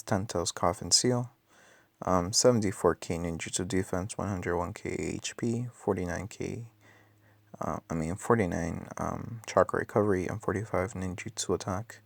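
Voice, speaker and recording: A man with a raspy, just-woken-up voice, thinking aloud with many ums and self-corrections during casual gameplay commentary. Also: low-pitched, dry recording. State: just woke up. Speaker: mobile game player.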